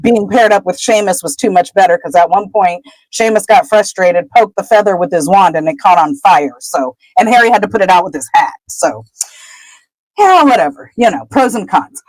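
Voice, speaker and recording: A woman's voice: medium pitch, lively intonation, normal speed, darkish tone, dry recording, poor audio. A woman co-hosting a podcast, chattily retelling a chapter, laughing often and trailing off with "whatever.". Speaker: podcast co-host. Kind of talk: casual chapter recap.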